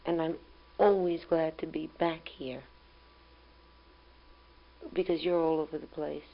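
A young mother speaking calmly and tenderly, recording a rambling spoken letter at home on a tape recorder. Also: sits low, a little slow. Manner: calm, tender, rambling and reflective. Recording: dull old home tape with hum.

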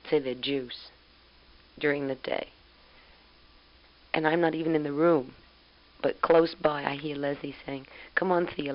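A woman's voice: low-pitched, highs cut off. A young woman recording a spoken letter on tape to her husband, chatty, fond and amused as she tells family news.

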